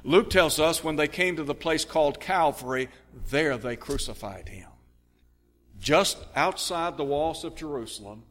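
Male radio preacher, earnest expository delivery, slightly high pitch, reverberant hall sound. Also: animated, unhurried, fairly bright tone. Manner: earnest Bible exposition, reading scripture aloud. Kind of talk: radio sermon.

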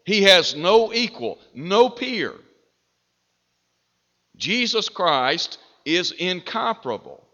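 A man preaching a sermon, slow and deliberate, with emphatic rises on key phrases. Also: high-pitched, big pitch swings, pushed and bright. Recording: dull reverberant hall.

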